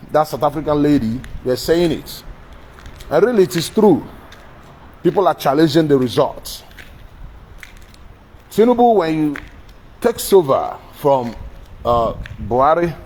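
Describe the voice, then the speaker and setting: A man's voice: mid-range voice, darkish tone, a little hiss or hum, poor audio. Blunt Nigerian man lecturing the president. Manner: blunt, repetitive, addressing the president directly. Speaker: political commentator. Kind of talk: direct-address political monologue.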